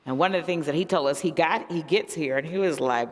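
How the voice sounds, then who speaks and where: A woman pastor speaking on a discussion panel, telling stories with emphatic swings in her voice. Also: fast. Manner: animated storyteller with emphatic pitch swings. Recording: echoey church hall.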